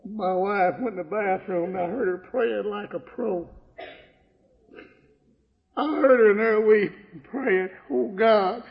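A preacher telling his own story from the pulpit, folksy and plainspoken, with sudden shouted bursts. His voice sits high and gravelly. The sound rings through a long hall on a dull, lo-fi recording. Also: measured pace, pauses often. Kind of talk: folksy sermon testimony.

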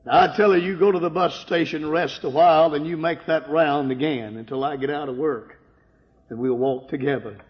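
A man's voice: fairly high pitch, steady tone, moderate pace. A man preaching his life testimony in a church, telling it with strong emotion and quoting dialogue. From Michigan. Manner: emotional storytelling, rising to cries at peaks. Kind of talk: sermon testimony. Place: church sanctuary. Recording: dull lo-fi sound in a reverberant hall.

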